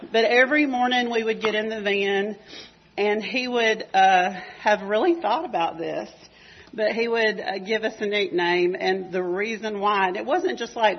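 A woman's voice: medium pitch, dull audio. A woman with a Georgia accent giving a rambling, heartfelt church testimony about a mission trip. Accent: Southern US (Georgia). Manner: rambling, emotional, chatty with fillers. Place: church service.

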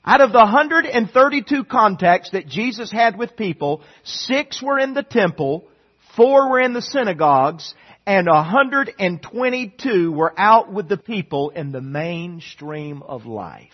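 High, husky-voiced preacher on a dull recording. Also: male voice, lively intonation, unhurried. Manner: preaching with swings between loud emphatic lines and quiet near-murmured passages. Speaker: pastor. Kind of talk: sermon.

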